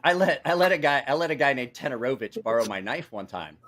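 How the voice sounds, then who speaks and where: A man's voice: mid-range voice, animated, quick pace, a bit bright. A middle-aged man hosting a casual live chat, telling salty stories and acting out quotes. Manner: swearing storyteller, acts out quotes. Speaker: host.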